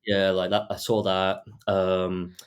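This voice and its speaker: A man's voice: deep voice, little pitch movement, slow, clear, resonant tone, dull audio. A young man who grew up between Britain and Australia, hosting a podcast and telling a story in a hesitant way, full of fillers and restarts. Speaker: podcast host. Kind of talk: casual storytelling.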